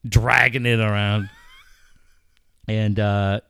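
A man telling stories in casual chat, animated and profane, laughing often. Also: lowish voice, slow pace, vocal fry, clean tone. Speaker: radio engineer telling stories.

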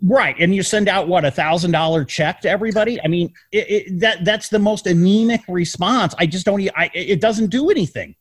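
A man's voice: high-pitched, fairly quick, hardly any pauses, breathy edge, dry recording. A man with a slightly raised voice talks animatedly, piling up rhetorical questions and restarting his sentences. The sound is close and dry, with no room around it. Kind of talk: casual political chat.

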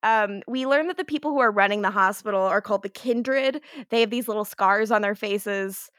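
A woman's voice: mid-range voice, fairly bright tone, dry recording, clean studio sound. A young woman co-hosting a podcast, chatting casually and laughing a lot as she recaps an episode. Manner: giggly, fast, full of "like" and laughs. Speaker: podcast co-host.

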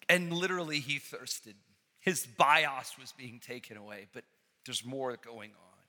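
A man preaching a sermon as a pastor, impassioned, swinging from hushed, quiet passages to loud, ringing calls. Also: mid-range voice, unhurried. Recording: long reverb of a large hall.

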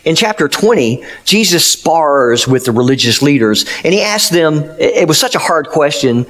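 Man pastor, sermon, earnest emphatic storyteller, slightly high voice. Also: expressive, normal speed, a bit bright.

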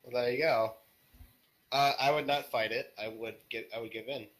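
A man's voice: mid-range voice, steady tone, moderate pace, fairly bright tone, poor audio. A man as a podcast guest, answering questions in a laid-back way with dry jokes. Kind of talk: casual podcast interview.

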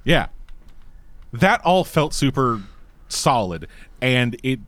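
A man's voice: medium pitch, very animated, slow pace, a bit bright, no echo. Blunt, profane man reviewing a movie. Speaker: podcast co-host. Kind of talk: casual movie review chat.

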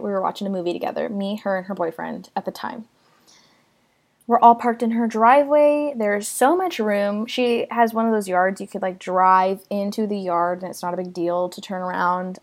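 A young woman from the United States chatting casually through a personal story, self-deprecating and full of dramatic asides. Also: medium pitch.

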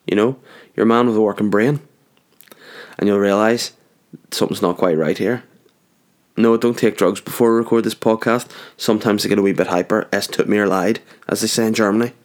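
Low-voiced man rambling through a solo podcast. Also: steady tone, fairly quick. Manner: jokey, rambling, goes off on tangents. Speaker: podcast host. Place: home garage.

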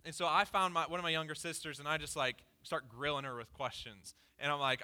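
Man, pastor, casual storytelling sermon, candid, fillers, slightly high voice. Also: fairly even intonation, a little fast, sharp tone, smooth. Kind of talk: conversational sermon with a personal story.

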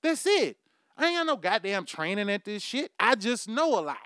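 A man's voice: sits high, big pitch swings, normal speed, sharp tone, no echo, clean studio sound. A man hosting his own podcast, delivering a profane comic monologue and laughing at his own jokes. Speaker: podcast host.

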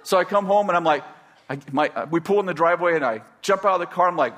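Older Californian man, fairly high-pitched, spins a rambling childhood story with stops and starts. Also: fast talker, fairly bright tone. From California, USA. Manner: rambling, frequent restarts, chuckling. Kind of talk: personal storytelling.

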